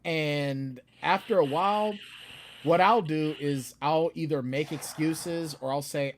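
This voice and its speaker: A man's voice: takes it slowly, slight background noise. A man who is a guest author, chatting casually on a video call and acting out his own outbursts. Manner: animated, acts out his own outbursts in a louder, higher voice. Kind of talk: casual chat.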